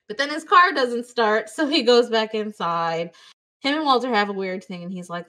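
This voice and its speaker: A woman's voice: mid-range voice, animated, normal speed, pushed and bright. A woman hosting a podcast, casually retelling a movie with plenty of swearing and quoted voices. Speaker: podcast host. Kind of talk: casual movie-review chat.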